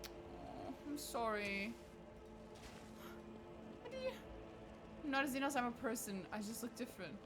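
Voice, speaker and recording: A woman's voice: fairly high pitch, expressive, a little slow, long pauses, over music. A woman streaming a video game, reading its text aloud and reacting with sarcastic, profane asides. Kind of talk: casual game commentary.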